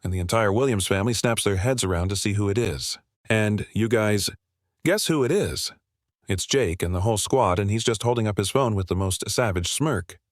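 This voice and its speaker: A man's voice: fairly low pitch, animated, normal speed, dry recording, studio quality. A man narrating a scripted story recap in a breathless, gossipy style full of slang.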